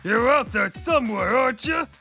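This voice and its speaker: An actor playing a hotheaded young male delinquent student who yells rough insults in a video game. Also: very high-pitched, expressive, normal speed, faint music behind, exaggerated voice. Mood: yelling angry. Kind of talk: game voice acting.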